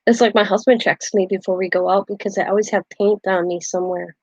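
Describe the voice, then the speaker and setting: A woman's voice: medium pitch, fairly even intonation, quick pace, no room sound, dull audio. A woman hosting a casual craft livestream, rambling through stories and laughing often. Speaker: craft channel host.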